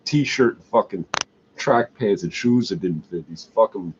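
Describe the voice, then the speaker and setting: A man's voice: on the low side, lively intonation, unhurried. A middle-aged man in a crude, scornful, profane ranting monologue. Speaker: vlogger. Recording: dull lo-fi recording with faint hiss.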